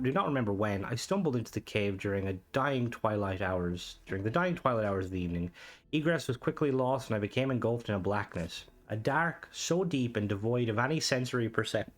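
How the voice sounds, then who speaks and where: A man's voice: fairly low pitch, close to an everyday voice. A man doing a put-on accent to read aloud a story told by a grown man recalling a dreamlike boyhood. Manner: put-on storytelling accent, slow dramatic reading. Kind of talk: dramatic reading of a story.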